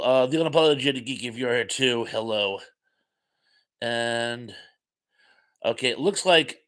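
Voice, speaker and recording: Bright-voiced older man hosting a live chat. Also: medium pitch. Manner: chatty, rambling, reads comments aloud with fillers. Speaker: host. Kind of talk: live chat reading viewer comments.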